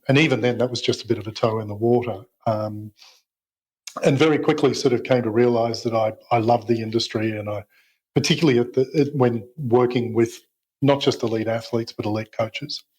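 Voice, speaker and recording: A man's voice: medium pitch, fairly even intonation, moderate pace, a little mellow, breathy edge, rough recording. A middle-aged man talking as a podcast guest, hesitant and self-deprecating, with lots of fillers and restarts. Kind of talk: casual interview chat.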